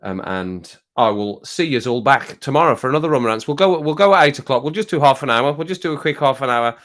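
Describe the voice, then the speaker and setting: A man's voice: medium pitch, animated, quick pace, fairly bright tone. A man hosting a casual livestream, reading out viewer comments in a rambling, jokey way and getting worked up now and then. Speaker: livestream host.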